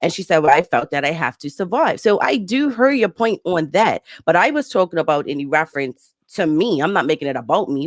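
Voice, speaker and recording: A woman's voice: low-pitched, no room sound. A woman co-hosting a studio talk show, pushing back and cutting in as she debates a point. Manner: animated, pushes back, interjects.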